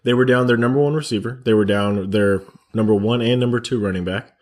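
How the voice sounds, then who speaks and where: A man co-hosting a sports podcast, easygoing and quick with short reactions. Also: mid-range voice, fairly even intonation, a little mellow. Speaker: podcast co-host. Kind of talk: casual sports chat.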